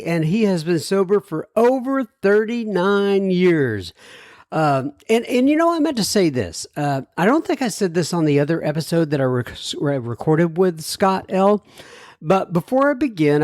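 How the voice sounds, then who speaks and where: A man's voice: on the high side, a little mellow, dry recording, clean studio sound. A man hosting a recovery podcast, talking in a chatty, rambling way with chuckles and asides. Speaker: podcast host. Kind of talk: casual podcast intro.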